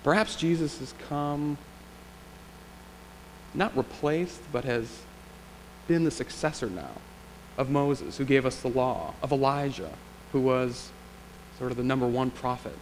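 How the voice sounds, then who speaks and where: A man's voice: mid-range voice, unhurried, pauses often, darkish tone. A male pastor preaching a sermon in a church sanctuary, in a reflective, conversational way with rhetorical questions. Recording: long church reverb, faint hum.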